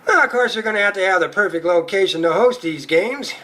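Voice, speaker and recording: This stand-up comic's routine is crude and full of profanity, told with rowdy storytelling energy. His voice is high, bright and sharp, and he talks fast and expressively.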